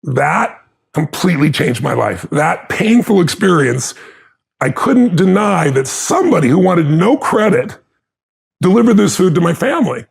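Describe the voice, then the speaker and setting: Gravelly raspy man telling a story. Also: high-pitched, big pitch swings, moderate pace. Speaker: guest telling life story. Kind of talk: motivational storytelling.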